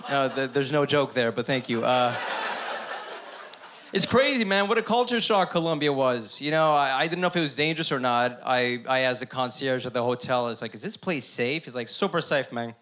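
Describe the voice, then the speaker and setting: A man's voice: medium pitch, fairly quick, fairly bright tone. A man performing a stand-up comedy set on a club stage before a live audience, talking animatedly and acting out the voices in his stories.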